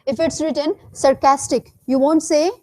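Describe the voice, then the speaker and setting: Woman teacher, high voice, mellow tone, dry close sound, firm and corrective. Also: fairly even intonation, normal speed, dry recording. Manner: firm, corrective, repeats words to drill pronunciation. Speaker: English test coach. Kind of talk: classroom teaching.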